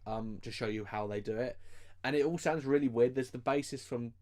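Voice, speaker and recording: A man's voice: mid-range voice, brisk, darkish tone. A man co-hosting a podcast in casual chat, swearing freely and laughing often. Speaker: podcast co-host.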